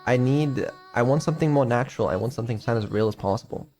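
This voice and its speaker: A man's voice: mid-range voice, quick pace, darkish tone, faint music behind. A man streaming as a developer, talking casually with lots of ums and dry sarcasm. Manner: mumbling, hesitant, many ums, dry sarcasm.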